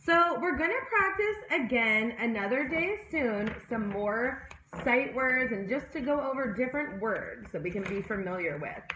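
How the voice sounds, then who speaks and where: A woman teaching young children at circle time, speaking slowly and encouragingly as she goes over words one by one. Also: fairly high pitch, lively intonation, noisy background. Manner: slow, sing-song and encouraging, addressing young children. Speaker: preschool teacher. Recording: roomy echoey home room.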